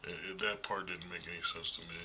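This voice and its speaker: A man's voice: sits low, level tone, fast. Guy rambling about horror movies, blunt, laughs a lot, faint hiss behind. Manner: rambling, blunt, laughs often, trails off with fillers. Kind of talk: casual rambling commentary.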